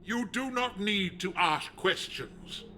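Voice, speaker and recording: A man voicing a megalomaniac male leader of a druid order in a video game, talking in a slow, menacing, pompous way. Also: sits high, lively intonation, bright, forceful tone, a little hiss or hum, full character voice. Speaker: game villain.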